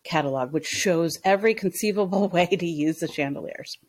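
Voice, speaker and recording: A woman's voice: fairly low pitch, brisk. A woman in her thirties, a small business owner, telling stories in a casual interview and acting out the dialogue in them with a lot of "like". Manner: animated, acts out dialogue in her stories with lots of "like".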